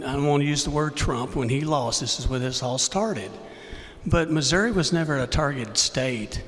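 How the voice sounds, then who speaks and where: A man's voice: medium pitch, a bit bright. Folksy older man in a reverberant hall. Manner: folksy, repeats words, chuckles between phrases. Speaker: debate candidate. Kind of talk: unscripted debate speech. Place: winery event space with audience. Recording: long hall reverb on a live event mic.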